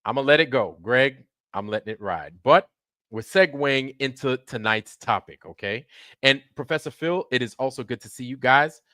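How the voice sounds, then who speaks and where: A man's voice: mid-range voice, animated, normal speed, bright, forceful tone, dry recording, clean studio sound. A man hosting a livestream, ranting sarcastically with heavy swearing and greeting viewers in chat by name. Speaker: livestream host.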